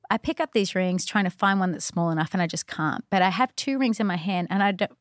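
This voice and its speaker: A woman's voice: medium pitch, fast, no room sound, clean studio sound. A woman telling a personal faith story in casual conversation, chatty and earnest, full of "like" and "you know". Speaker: guest.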